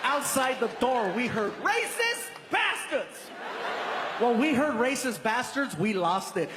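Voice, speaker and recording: A man performing stand-up, telling a story in an animated, theatrical way on a live stage. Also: very high-pitched, moderate pace. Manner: animated, loud and theatrical delivery. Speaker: stand-up comedian. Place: large live comedy venue. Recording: stage mic in a reverberant hall with loud crowd noise.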